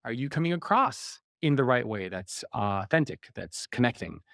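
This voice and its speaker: A man talks through his ideas as an author on a podcast, at an ordinary middle pitch. He livens things up by acting out little quoted voices. The sound is dry and close, with no room in it. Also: moderate pace, creaky, dry recording. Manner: animated, acts out quoted voices. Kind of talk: conversational explanation.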